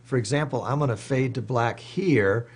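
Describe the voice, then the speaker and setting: A man hosts a live stream, reading out viewer comments and answering them in a relaxed, off-the-cuff way. His voice has a gravelly edge at a middle pitch. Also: normal speed.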